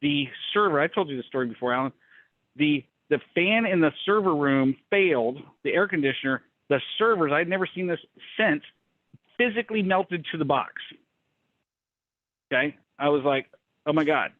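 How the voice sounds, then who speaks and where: A man's voice: normal speed, no echo. Blunt man on a tinny call line. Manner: blunt, animated, acts out quotes in a higher voice. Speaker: business coach hosting a mastermind call. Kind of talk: casual storytelling talk.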